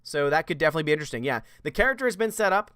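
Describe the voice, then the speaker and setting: A chatty male host on a casual livestream, reading out viewer comments and laughing often. His voice sits a touch high for a man and comes through smooth and clean. The sound is dry and close. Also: big pitch swings, very fast, bright, forceful tone, no room sound.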